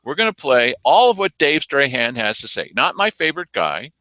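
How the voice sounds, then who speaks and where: A man's voice: medium pitch, very animated, moderate pace, sharp tone, dry recording. A man hosting a casual political commentary show, wry and teasing. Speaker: news commentary host.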